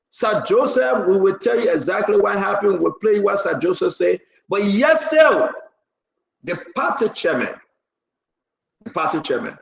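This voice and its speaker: A man hosting a live political talk show, rambling and repetitive, now and then bursting into shouts. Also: high-pitched, roomy sound, low-quality recording.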